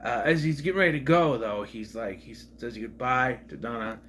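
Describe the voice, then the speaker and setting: A man's voice: medium pitch, moderate pace, fairly bright tone, a little hiss or hum. A man talking through an episode in a loose, rambling, casual retrospective. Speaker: show reviewer.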